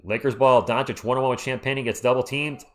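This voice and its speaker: A man, hoarse and losing his voice, doing fan play-by-play on a live stream and ranting about referee calls. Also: medium pitch, fairly even intonation, quick pace.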